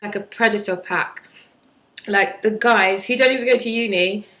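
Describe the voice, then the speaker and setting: A woman's voice: mid-range voice, normal speed, pushed and bright, poor audio. A woman in her twenties chatting bluntly and sarcastically in a casual vlog, with mocking impressions. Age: 20s. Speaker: vlogger.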